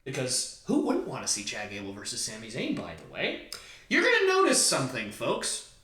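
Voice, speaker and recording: Pitched in the middle but swinging hugely up and down, his voice moves at a normal speed and sounds pushed and bright. He's a podcast host chatting casually about wrestling fantasy booking with a fan's enthusiasm and jokes, recorded with roomy echo at a distance from the mic.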